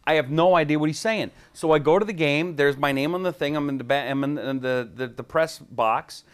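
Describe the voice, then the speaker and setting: Fast-talking male radio host. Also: fairly high pitch, clear, resonant tone. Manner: rapid, animated anecdotes with quoted voices. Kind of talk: casual interview storytelling.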